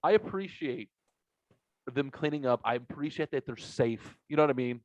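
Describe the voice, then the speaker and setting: A man's voice: medium pitch, moderate pace, no room sound. Profane, rambling male podcast host. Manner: rambling, profane, animated retelling. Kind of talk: casual storytelling chat. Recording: dry, dull lo-fi sound.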